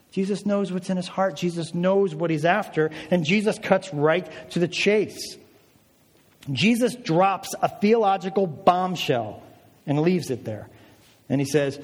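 A male pastor preaches in a lively, chatty manner, often turning to his listeners with quick questions. His voice sits a little high for a man. A long reverb from a large hall hangs on his words. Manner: lively, conversational, asks the audience. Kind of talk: sermon.

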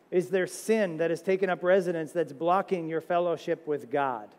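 A man preaching a sermon as pastor, animated, firing off rhetorical questions with sudden loud high exclamations. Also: moderate pace. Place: church sanctuary. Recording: long reverb of a church sanctuary.

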